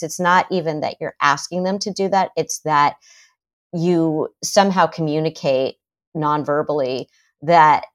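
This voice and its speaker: A middle-aged woman, a psychotherapist, talking in a podcast interview and acting out parents and kids in quick quotes. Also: low-pitched. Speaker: psychotherapist guest.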